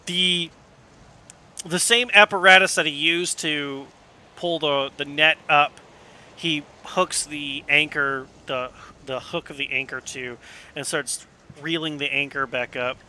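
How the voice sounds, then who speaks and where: A man running a tabletop game with a bright, slightly high voice. He narrates slowly and loosely, dropping fillers and curses as he goes. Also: steady tone, slight background noise. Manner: loose, casual, with many fillers and swearing. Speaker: game master.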